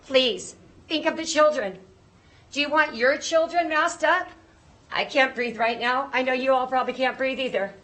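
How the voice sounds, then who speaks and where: A woman's voice: on the high side, fairly bright tone, low-quality recording. A woman giving a prepared public comment as a parent, earnest and pleading, nervous and choked up.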